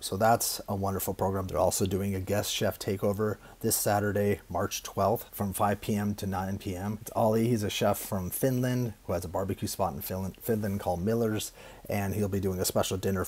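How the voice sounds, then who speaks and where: A man's voice: low voice, darkish tone, breathy edge. A man hosting a podcast in casual chat, upbeat and loose, with many restarts. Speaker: podcast host.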